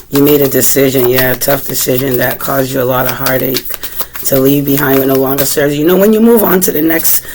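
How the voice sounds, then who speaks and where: A woman with a Boston accent giving a casual tarot reading, chatting freely and asking the cards questions aloud, often clearing her throat. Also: rumbling low, normal speed, a little mellow, a little hiss or hum, low-quality recording. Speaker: tarot reader.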